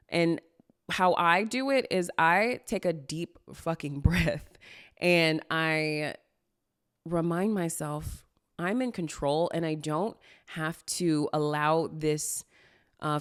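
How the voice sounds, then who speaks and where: A young adult woman coaching on manifestation in a casual question-and-answer talk, blunt and swearing freely, with lots of "like" fillers. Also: sits low.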